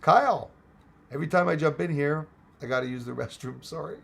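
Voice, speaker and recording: Host, male, hoarse and fading voice, rough gravelly grain, rambling casual chat. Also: fairly high pitch, fairly quick, slight background noise. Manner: rambling, mixes in French and Spanish greetings. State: losing his voice. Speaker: livestream host reading chat.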